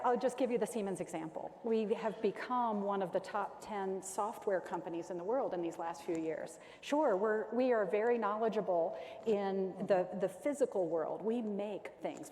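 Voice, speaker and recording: A woman's voice: mid-range voice, normal speed, few pauses, warm tone. A woman executive on a panel, talking in an upbeat, conversational way. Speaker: company CEO panelist. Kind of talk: panel discussion. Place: conference stage. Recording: hall reverb with faint noise.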